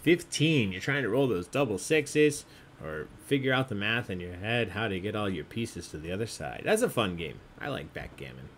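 A man's voice: fairly low pitch, sing-song, moderate pace, fairly bright tone, slight background noise. Chatty, jokey male trivia host. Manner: chatty, jokey, laughs often. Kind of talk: hosting an online trivia game.

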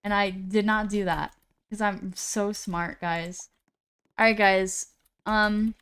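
A woman's voice: mid-range voice, steady tone, slow pace, fairly bright tone, smooth. A woman live-streaming a game, chatting casually to her viewers in a rambling, self-deprecating way into a computer mic.

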